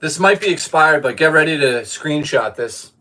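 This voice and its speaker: Chatty boston guy streaming, swears a lot, reads chat out loud, slightly high voice. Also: expressive, normal speed. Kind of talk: casual live-stream chat.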